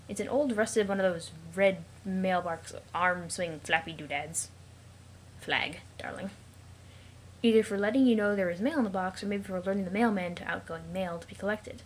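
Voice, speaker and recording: A woman hosting a let's play, reading a web comic aloud in a playful, mock-dramatic way with quick joking asides. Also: mid-range voice, slight background noise, rough recording. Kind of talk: casual comic read-along with asides.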